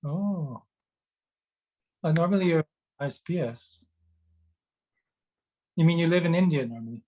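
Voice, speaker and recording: A man's voice: a little high, expressive, measured pace, a little mellow, rough recording. A middle-aged man on a video call, chatting casually to children and telling rambling anecdotes with lots of fillers and restarts. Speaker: children's book author and meditation host. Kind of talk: casual storytelling chat.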